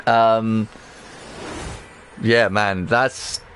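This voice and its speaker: A man streaming himself playing a game, chatting casually to viewers with rambling, excitable talk and frequent swearing. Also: on the low side, extremely slow, a little hiss or hum. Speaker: livestreamer. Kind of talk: casual gameplay livestream chat.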